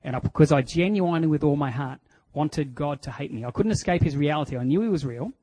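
A man with an Australian accent sharing a candid personal testimony in a sermon, telling it in an earnest, halting way. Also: a little high, dark tone, low-quality recording.

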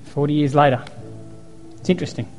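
A man's voice: fairly high pitch, a little fast, darkish tone, long reverb tail, faint music behind. A man preaching a sermon as a pastor, telling stories, acting out quotes and hammering points home through repetition. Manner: storytelling, emphatic repetition, acts out quotes.

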